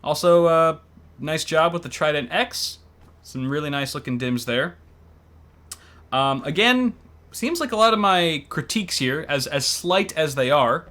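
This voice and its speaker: A man's voice: a little high, bright, forceful tone. A man hosting and casually commenting on builds in an easygoing, chatty way with lots of fillers. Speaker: host.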